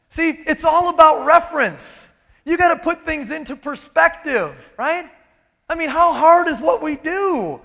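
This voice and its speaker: High, sharp-voiced man preaching in a hall. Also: creaky. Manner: energetic, emphatic, with rhetorical questions. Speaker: motivational speaker. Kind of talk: live motivational keynote. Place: large event hall on stage. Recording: long reverb of a large hall.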